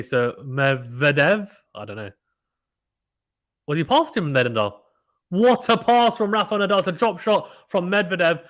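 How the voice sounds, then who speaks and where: A man hosting a live tennis watchalong stream, calling play-by-play with animated reactions and reading chat messages. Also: on the high side. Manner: fast, animated play-by-play, reads chat aloud. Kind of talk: excited casual live commentary.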